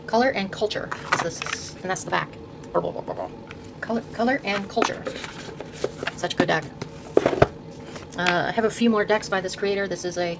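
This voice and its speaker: An older woman hosting her own video, softly showing tarot decks and reading card names aloud, often trailing off and restarting words. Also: mid-range voice, background noise. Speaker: host showing her tarot deck collection. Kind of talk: soft-spoken casual deck walkthrough.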